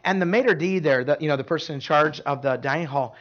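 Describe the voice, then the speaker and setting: A man with a high voice preaches earnestly, telling personal stories with emphasis and many restarts. The sound is dull and lo-fi. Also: quick pace, fairly bright tone. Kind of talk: sermon storytelling.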